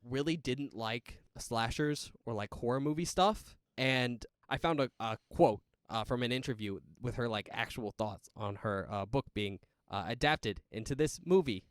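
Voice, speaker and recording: A man in casual conversation as a podcast co-host, quick to laugh and animated as he goes. His voice sits at an ordinary pitch. The sound is dry and close. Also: clean tone, no room sound. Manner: chatty, animated, laughs often. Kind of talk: casual movie chat.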